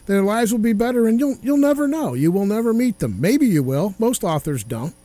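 A man's voice: sits high, big pitch swings, fairly quick, mellow, no room sound, faint music behind. A man hosting a radio interview, folksy and encouraging as he talks to his guest and listeners. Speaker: radio host.

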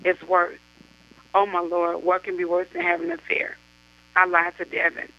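A woman's voice: lowish voice, very animated, moderate pace, gravelly. A woman voicing an ashamed young woman confessing to her friend, in a pleading, remorseful tone. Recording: dull lo-fi radio sound.

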